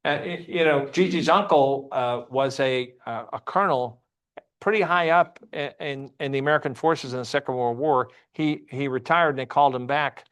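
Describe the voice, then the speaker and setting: A man's voice: medium pitch, normal speed, a bit bright, smooth. A man teaching a church Sunday class, often asking the class questions and repeating himself.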